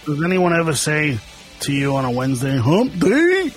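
A man co-hosting a casual comedy radio show, throwing in sarcastic, deadpan jabs. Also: medium pitch, brisk, faint music behind.

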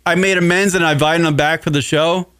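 A man's voice: a little high, quick pace, clear, resonant tone, dry recording. Profane rambling male radio host. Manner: profane, rambling, animated retelling. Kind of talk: casual comedic chat.

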